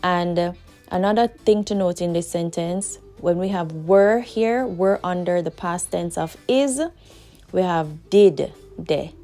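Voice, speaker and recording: A woman with a Jamaican accent teaching a language lesson, patiently repeating each example sentence slowly. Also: fairly low pitch, dark tone, soft background music.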